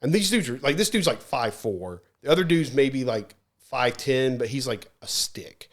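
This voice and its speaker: A man, a podcast guest, telling a story in a casual, animated way, full of "like" and restarts. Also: mid-range voice, moderate pace. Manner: animated, rambling, heavy use of "like".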